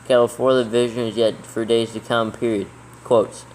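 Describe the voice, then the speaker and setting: A man reads a passage aloud at a careful, deliberate pace, naming each punctuation mark and capital letter as he goes. His voice stays level and flat throughout. A faint hiss of noise sits under the recording. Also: medium pitch, low-quality recording. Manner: slow deliberate dictation. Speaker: proofreader dictating scripture. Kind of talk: reading text aloud with punctuation dictated.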